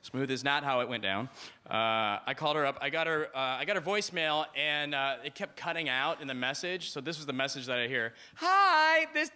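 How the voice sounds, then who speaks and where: A man's voice: medium pitch, fairly quick, pushed and bright, clean tone. A male stand-up comedian delivers a rambling, self-deprecating set on a club stage into a handheld mic, often slipping into voices.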